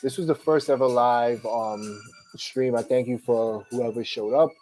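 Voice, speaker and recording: A man's voice: medium pitch, fairly even intonation, a little slow, a little mellow, soft background music, poor audio. A man hosting a podcast live stream, chatting casually and rambling with many "um" fillers, sounding tired. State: tired, yawning. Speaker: podcast host.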